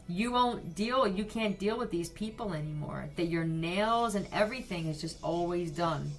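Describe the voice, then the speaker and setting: A woman in the middle of a psychic reading, talking slowly and unhurriedly. She speaks straight to the listener in a blunt, casual way and swears freely. Her voice sits at an ordinary middle pitch. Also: fairly bright tone. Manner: blunt and profane, addressing the viewer directly. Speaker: psychic reader.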